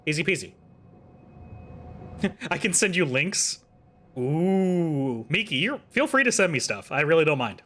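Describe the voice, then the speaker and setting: A man's voice: on the high side, unhurried, long pauses, sharp tone. A man streaming a video game, chatting casually with his viewers in a playful, teasing way. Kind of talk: casual livestream chat.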